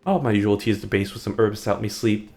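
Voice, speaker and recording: A man voicing a tired, reserved young man who talks low and subdued. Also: quick pace, a little mellow, faint music behind, close to an everyday voice.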